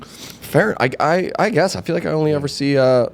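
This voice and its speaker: A man co-hosting a casual comedy podcast, excitable and rambling, poking fun at himself. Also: a little high, brisk, gravelly. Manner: excitable, rambling, self-mocking. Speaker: podcast co-host.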